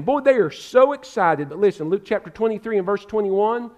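High-voiced impassioned male preacher. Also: animated, fairly quick. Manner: impassioned, swings from loud exhortation to hushed pleading; addresses listeners directly as "friend". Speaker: pastor. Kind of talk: sermon.

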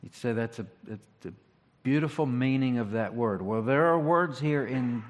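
A pastor giving a sermon, talking in a conversational, reflective way with rhetorical questions. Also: male voice, medium pitch, moderate pace. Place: church sanctuary. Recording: long hall reverb.

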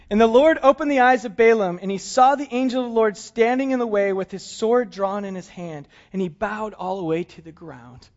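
Man, sermon, very high voice, humorous and chatty, dull lo-fi sound. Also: moderate pace. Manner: humorous, conversational, chuckles often. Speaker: pastor.

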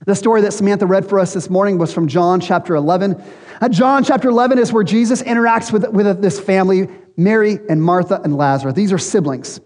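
A man's voice: high-pitched, quick pace, darkish tone. A man preaching a sermon as pastor to a church congregation, in an earnest, conversational way. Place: church hall. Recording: long hall reverb.

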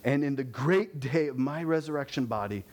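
Steady, earnest young missionary, read by a male preacher, measured delivery. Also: mid-range voice, lightly acted. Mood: resolute. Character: devout young male missionary, calm and resolute.

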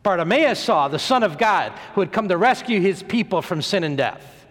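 A man preaching a sermon, retelling a story in an animated way, acting out the voices, sometimes stumbling and repeating words. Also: sits high, moderate pace. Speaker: pastor. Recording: long hall reverb.

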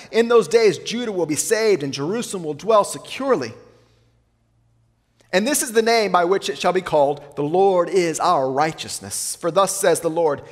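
A male pastor preaches a sermon in a high voice, and the sound rings in a long, reverberant hall. He asks his listeners rhetorical questions and slows down to read scripture aloud.

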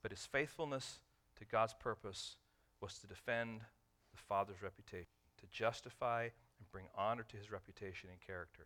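A male pastor with a mid-range voice preaches, circling back to important lines and questioning his audience. He shifts from forceful, loud emphasis to hushed, lingering phrases.

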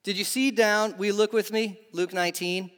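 A man delivers a sermon with a fairly high voice that rings through the long echo of a big hall. He keeps turning to his listeners with questions, in an animated, conversational way. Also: moderate pace. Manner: animated, asks the audience questions. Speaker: preacher. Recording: long reverb of a large hall.

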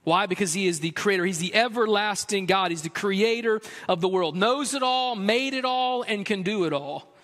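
A male pastor delivering a sermon in a large church. His voice sits high, and his delivery is earnest and chatty with a playful streak. A long reverb hangs behind him. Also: moderate pace, few pauses, fairly bright tone. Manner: earnest and conversational, with a playful humor.

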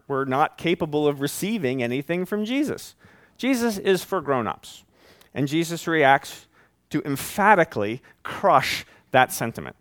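Guy preaching sunday sermon, chatty and animated, dry close sound. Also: medium pitch, dry recording. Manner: conversational, animated preaching with folksy asides. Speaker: pastor.

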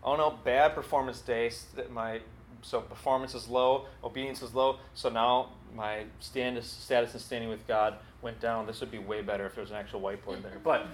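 A man preaching a sermon in a conversational, earnest way, with quick asides. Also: mid-range voice, steady tone. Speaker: pastor. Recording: echoey hall, faint background noise.

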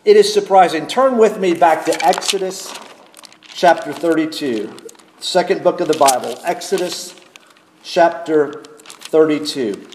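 A man preaching an expository sermon, with a measured, emphatic delivery and deliberate pauses. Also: fairly high pitch, a little mellow, roomy sound, a little hiss or hum.

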